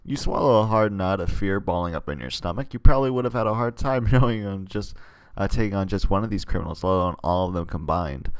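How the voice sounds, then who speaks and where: A man with a very deep, gravelly voice reads a text adventure aloud and muses over his stats between passages. He rambles and hesitates in his asides. The desk mic sounds dry and close. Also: fast, hardly any pauses, no room sound. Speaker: gamer reading a text game aloud. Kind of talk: casual let's play commentary and reading.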